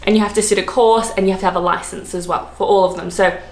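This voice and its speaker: A woman from Australia with an Australian accent, chatting casually to camera in a rambling way, laughing often and filling pauses with ums and likes. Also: medium pitch, fairly even intonation, reverberant. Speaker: vlogger. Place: room, lived in London.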